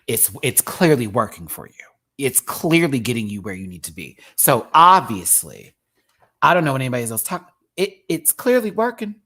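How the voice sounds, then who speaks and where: A man's voice: medium pitch, big pitch swings, normal speed, fairly bright tone. A man from Texas giving a sassy, casual commentary on a drag competition, full of drag slang. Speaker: drag show reviewer.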